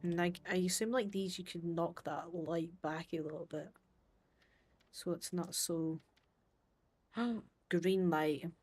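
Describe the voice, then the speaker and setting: A woman streaming a game, chatting casually and thinking aloud, with sudden bursts of excitement. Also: lowish voice, slow pace, long pauses, breathy edge. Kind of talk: casual livestream commentary while playing.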